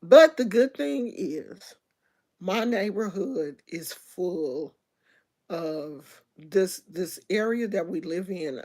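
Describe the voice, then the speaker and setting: Middle-aged lady on a livestream, slow easy talk, slangy and chatty, keeps restarting her sentences. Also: deep voice, warm tone. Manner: chatty, storytelling, talks to viewers directly; loose slangy speech with many restarts. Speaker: livestream host. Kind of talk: casual livestream chat.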